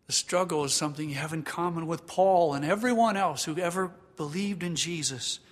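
A pastor preaching a sermon in a church sanctuary, earnest and emphatic, then leading a prayer. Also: male voice, a little high, fairly quick, hardly any pauses. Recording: long reverb of a large hall.

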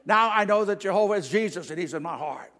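An elated woman convert , as an older preacher voices her, calls out loudly in a raised voice. The long church reverb trails after her words. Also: sits high, animated, fast talker, voice pushed up. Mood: exultant. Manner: loud and exultant. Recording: long reverb of a large hall.

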